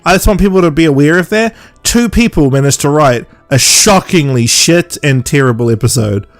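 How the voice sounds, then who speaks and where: A man's voice: fairly high pitch, expressive. Sarcastic man on a podcast mic. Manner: sarcastic, mocks characters in quick put-on quotes. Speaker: podcast co-host. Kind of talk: casual chat.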